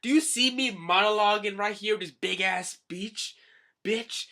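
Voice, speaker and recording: A man's voice: high voice, unhurried, pushed and bright, voice pushed up, full character voice. A man putting on a boastful pirate villain.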